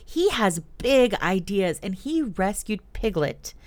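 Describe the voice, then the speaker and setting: A woman's voice: medium pitch, big pitch swings, slow. A woman hosting a children's music podcast, telling young listeners about the songs in a storytelling way. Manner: warm storytelling, speaks directly to young listeners. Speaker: host.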